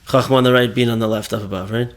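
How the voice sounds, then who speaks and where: A man's voice: mid-range voice, fairly even intonation, rapid-fire. Man, Torah teacher, mid-range voice, casual conversational lesson delivery. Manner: conversational, thinking aloud with fillers and self-corrections.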